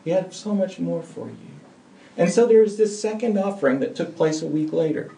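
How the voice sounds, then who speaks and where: A man delivers an earnest, emphatic sermon, swinging between hushed and loud passages. His voice is gravelly and mellow, sitting a little high. The sound is roomy and picked up from a distant mic in a church. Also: expressive, moderate pace. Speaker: pastor. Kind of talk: sermon with closing prayer.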